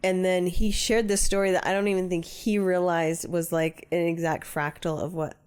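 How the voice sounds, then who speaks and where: Low-voiced woman telling stories on a podcast. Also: level tone, moderate pace, smooth. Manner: warm storyteller, acts out quoted people. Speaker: podcast co-host. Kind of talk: casual spiritual chat.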